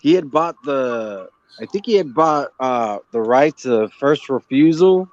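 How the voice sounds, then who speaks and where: A man calling in to a casual chat, talking with halting, stammering restarts. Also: medium pitch, lively intonation, dry recording. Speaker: guest caller. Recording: dull lo-fi call audio.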